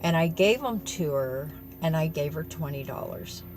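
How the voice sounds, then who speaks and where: A woman's voice: low-pitched, animated, normal speed, a little mellow, a little hiss or hum. A woman telling viewers a story in an earnest, tearful way, calling them y'all. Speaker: vlogger.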